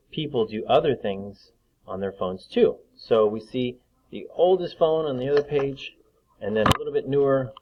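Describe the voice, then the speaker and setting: A man teaching young children to read, slowly sounding out letters and words with patience. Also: mid-range voice, highs cut off. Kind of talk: reading lesson for young children.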